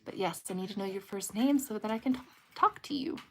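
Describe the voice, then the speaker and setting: A woman's voice: mid-range voice, quick pace, a little mellow, a little hiss or hum. A woman, casually chatting with viewers on a late-night livestream from home. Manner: chatty, talks directly to viewers. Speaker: livestream host.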